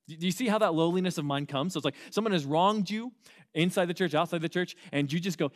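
Animated preaching man, higher voice. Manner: animated preaching with quick asides and repeated restarts. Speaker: pastor. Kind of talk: sermon.

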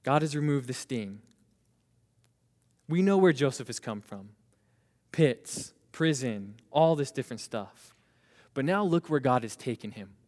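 A man preaching a sermon, leading the congregation in call-and-response and slowing down to stress key phrases. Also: mid-range voice, lively intonation, darkish tone. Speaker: pastor. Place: church sanctuary. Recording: reverberant hall.

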